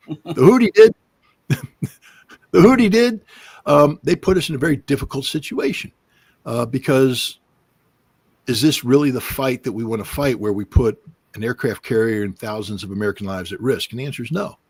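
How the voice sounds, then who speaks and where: A man's voice: mid-range voice, brisk, husky, dry recording. A middle-aged man giving emphatic political commentary on a livestream, hammering points with repetition and mocking quotes of officials.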